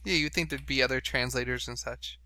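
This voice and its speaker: Bright-voiced male podcast host. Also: mid-range voice, a little fast, dry recording. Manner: chatty, reads out web pages, laughs often. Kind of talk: casual chat.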